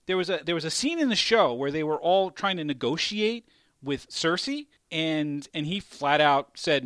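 A man hosting a casual chat, rambling and animated, swearing and laughing often. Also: on the high side, normal speed, no room sound, studio quality.

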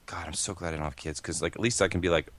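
A man's voice: low-pitched, steady tone, very fast. A man co-hosting a casual chat, blunt and grumbling, swearing freely. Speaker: podcast co-host.

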